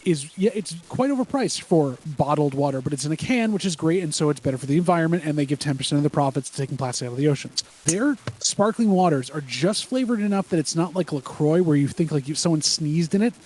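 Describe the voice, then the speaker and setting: A man's voice: on the high side, animated, fast talker, a little mellow. A man co-hosting a podcast, chatting casually and enthusiastically, rambling about what he likes. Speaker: podcast co-host. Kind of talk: casual chat reacting to wrestling.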